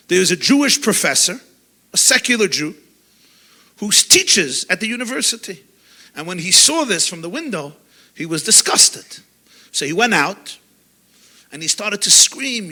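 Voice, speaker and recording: Speaking to a gathered audience, a rabbi preaches a passionate sermon with a high, bright tone and a sing-song lilt. His pace stays normal while he alternates between hushed passages and loud, pressing bursts.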